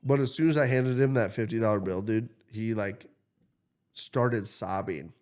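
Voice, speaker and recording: Male podcast host, lively storyteller who swears a lot and voices his characters. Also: lowish voice, moderate pace. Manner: animated, swears freely, acts out quotes. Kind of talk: casual storytelling chat.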